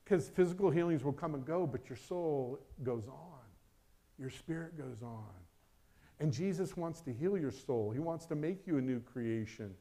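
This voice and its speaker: Fervent man preaching with high pitch. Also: animated, moderate pace. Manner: swings from loud urgent questions to soft, low asides. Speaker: pastor. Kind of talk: sermon.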